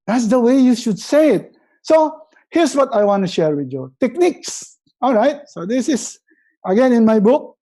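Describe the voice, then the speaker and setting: A man with a Filipino accent giving a motivational webinar talk as a resiliency coach, emphatic and repeating key words, often dropping his voice low and soft to stress a point. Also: big pitch swings, moderate pace, rough recording. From Philippines.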